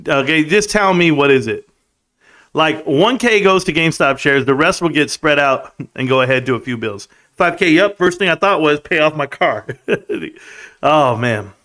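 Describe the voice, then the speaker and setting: Middle-aged male streamer, animated and rambling, higher voice. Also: moderate pace. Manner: animated, rambling, swings loud and soft. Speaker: live stream host. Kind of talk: casual live-stream chat, reading comments.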